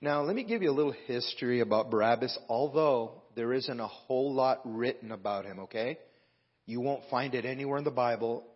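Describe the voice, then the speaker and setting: A man's voice: mid-range voice, brisk, slightly rough. A man preaching a sermon to a congregation in a conversational way, breaking off the reading to talk to the room. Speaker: pastor. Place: church hall with live band. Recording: dull lo-fi recording with long hall reverb.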